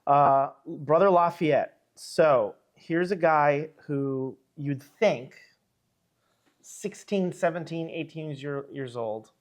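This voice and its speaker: A man working as an archivist and historian, retelling history in a lively, rambling way and filling it with asides and "you know". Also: fairly high pitch, takes it slowly. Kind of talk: storytelling history in an interview.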